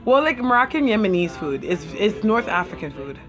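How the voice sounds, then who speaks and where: A woman's voice: medium pitch, very animated, a little fast, music in the background. Chatty woman with a Caribbean accent. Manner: chatty, eats while talking, reads viewers' comments aloud. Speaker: livestream host. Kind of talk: casual live-stream chat.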